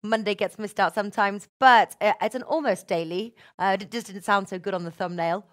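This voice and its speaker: A woman's voice: mid-range voice, fairly quick, fairly bright tone. Chatty woman hosting a betting show. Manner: chatty, laughs often, restarts. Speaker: host. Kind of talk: casual chat.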